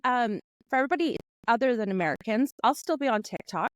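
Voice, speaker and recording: Woman from Canada, guest author, deadpan jokes, casual podcast chat, dry close sound. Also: fairly high pitch, fast talker, no room sound. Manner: deadpan, joking.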